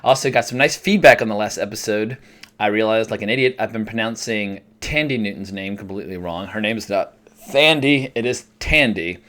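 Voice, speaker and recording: A man's voice: lowish voice, quick pace, fairly bright tone. A man casually reviewing a TV episode, chatty and self-deprecating, with frequent fillers and restarts. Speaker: TV review vlogger.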